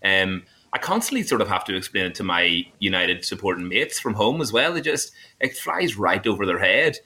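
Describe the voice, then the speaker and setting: A man co-hosting a casual podcast, chatty and quick to laugh. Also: fairly low pitch, big pitch swings, pushed and bright. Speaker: podcast co-host.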